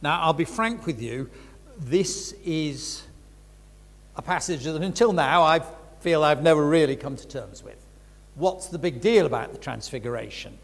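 An older man preaches a reflective Bible teaching, speaking frankly and conversationally with emphatic stresses. His voice is a little high, expressive, unhurried and creaky. A large hall gives the recording a long reverb.

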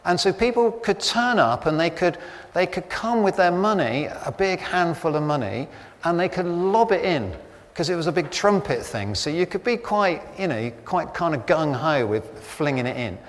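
A man's voice: fairly high pitch, animated, moderate pace. A middle-aged man preaching a sermon as pastor, talking in a chatty, anecdotal way with wry humour. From Britain. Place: church. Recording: church hall reverb, faint ambience.

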